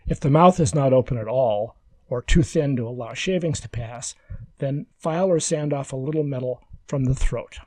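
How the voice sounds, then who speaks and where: Man, mellow voice, dry close voice-over, measured instructional narration, calm. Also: medium pitch, dry recording. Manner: calm, measured step-by-step explaining. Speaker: woodworking instructor.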